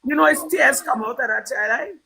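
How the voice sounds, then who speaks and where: A woman's voice: sits high, a little fast, creaky, sharp tone, a little hiss or hum, rough recording. A Trinidadian woman talking politics on a live stream with fervent emphasis, repeating her points. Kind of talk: impassioned political talk.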